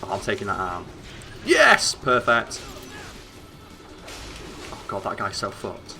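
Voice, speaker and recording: A young man with a northern English accent, chatting excitably and swearing as he streams a game, rambling with lots of fillers. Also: sits low, fast talker, music in the background. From northern England. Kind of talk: casual gameplay commentary.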